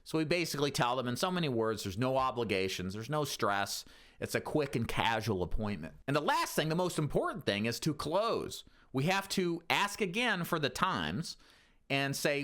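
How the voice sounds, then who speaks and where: Animated male sales coach. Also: mid-range voice, normal speed. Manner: lively, coaching delivery with varied intonation. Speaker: insurance sales trainer. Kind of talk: instructional talk to camera.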